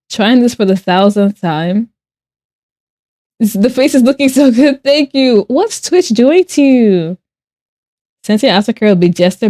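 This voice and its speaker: A woman's voice: medium pitch, mellow, no room sound, studio quality. Giggly woman streamer chatting while drawing. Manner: chatty, reads chat aloud and answers with playful sarcasm; giggly, laughs often. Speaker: art streamer. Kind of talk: casual live-stream chat while drawing.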